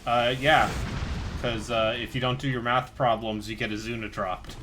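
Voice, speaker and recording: A man's voice: medium pitch, steady tone, moderate pace, noisy background. A young man from Idaho, a streamer chatting casually while gaming and riffing jokes. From Idaho, United States. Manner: joking, riffing bits.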